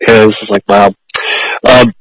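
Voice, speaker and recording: Effusive, halting male podcast host. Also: fairly low pitch, level tone, fairly bright tone, dry recording, low-quality recording. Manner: effusive, halting, repeats words. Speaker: podcast host, pet groomer. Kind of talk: conversational interview.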